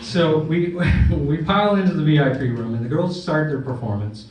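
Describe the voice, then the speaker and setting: A man's voice: on the high side, normal speed, darkish tone, heavy reverb, recorded from a distance, slight background noise, poor audio. A man doing a stand-up comedy set, telling a crude story and checking in with "right?" along the way. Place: comedy club stage.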